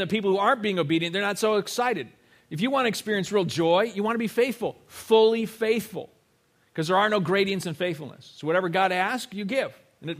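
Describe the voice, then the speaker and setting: A pastor with a fairly high, slightly bright voice preaches to his congregation in a church sanctuary. He talks conversationally, often checking in with "right?" and acting out little quotes.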